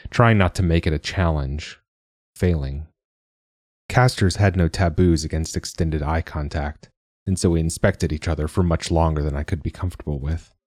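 A man giving measured, wry, reflective first-person audiobook narration. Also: extremely low pitch, a little mellow, dry recording, studio quality.

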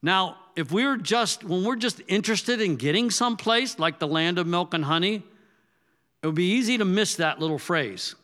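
A man preaching a sermon in a conversational way, asking the congregation direct questions and swinging between loud emphatic bursts and soft, low asides. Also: animated, normal speed. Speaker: pastor.

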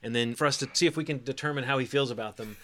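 Fast-talking wry male podcast host. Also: mid-range voice, a bit bright, slight background noise. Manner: quick, wry awards-style announcing. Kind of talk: casual chat.

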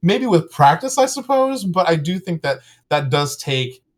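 A man co-hosting a candid podcast chat, talking freely, laughing often and stumbling over his words when excited. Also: on the high side, normal speed.

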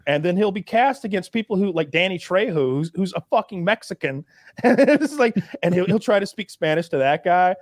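This man speaks a little fast in a high-pitched voice with lively intonation, heard in clean studio sound with no echo. Hosting his podcast, he rambles through casual, profane stories and keeps restarting himself.

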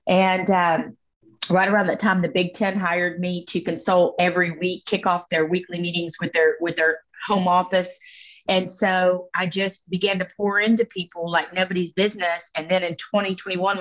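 A woman speaking as a guest on a faith podcast, telling personal stories in an expressive, emphatic way. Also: fairly low pitch, moderate pace. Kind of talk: faith-based podcast conversation. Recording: slightly dull lo-fi audio.

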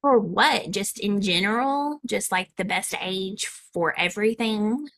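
A woman's voice: medium pitch, measured pace, fairly bright tone. A woman in her thirties with a Southern country accent, chatting playfully and laughing often as co-host. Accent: American Southern country. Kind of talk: casual chat.

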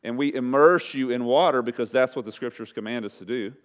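A man preaching a sermon to a congregation, swinging from loud emphatic lines to hushed pleading and asking them rhetorical questions. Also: mid-range voice, brisk, smooth, muffled recording. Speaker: pastor.

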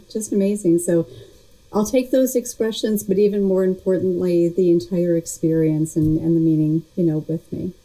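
A woman's voice: mid-range voice, dark tone, poor audio. A woman being interviewed as a guest, chatting casually and reflectively with frequent restarts. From United States. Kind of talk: casual remote interview chat.

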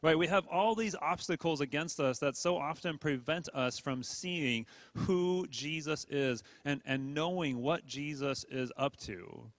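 A man's voice: on the high side, unhurried, few pauses, no room sound. A man preaching a sermon to a congregation in an earnest way, often repeating words and checking in with the room. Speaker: pastor.

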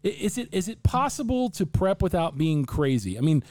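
Podcast host, male, playful and rambling, soft dark timbre. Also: a little high, sing-song, normal speed, no room sound. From family from Kentucky. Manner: joking, restless, stumbles over words. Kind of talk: casual podcast chat. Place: studio.

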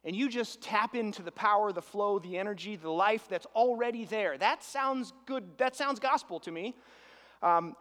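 A man preaching a sermon as pastor, animated, piling up rhetorical questions and swinging from loud emphasis to hushed asides. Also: sits high, normal speed, long reverb tail.

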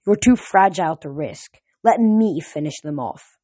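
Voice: medium pitch, lively intonation, measured pace, darkish tone, no room sound. A reader voicing a cruel male monster with a French accent, stiff and fawning toward his boss and sneering at others. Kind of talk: audiobook character voice.

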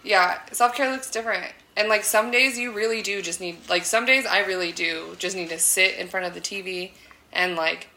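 A woman's voice: medium pitch, steady tone, moderate pace, sharp tone, low-quality recording. A woman in her thirties co-hosting a podcast, talking loosely with lots of fillers and swearing. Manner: loose, rambling, swears often, many fillers. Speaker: podcast co-host. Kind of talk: casual podcast chat.

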